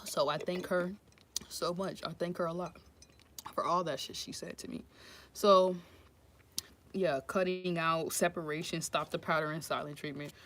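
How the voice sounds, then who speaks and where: A woman's voice: lowish voice, steady tone, normal speed, long pauses, fairly bright tone, slight background noise. A woman doing a casual live-stream tarot reading, blunt and profane, often laughing. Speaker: tarot reader.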